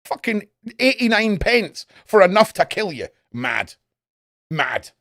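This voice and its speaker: A young man chatting casually and profanely on a live stream, jumping between loud outbursts and low mutters. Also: big pitch swings, slow pace, no echo, clean studio sound. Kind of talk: casual rambling stream chat.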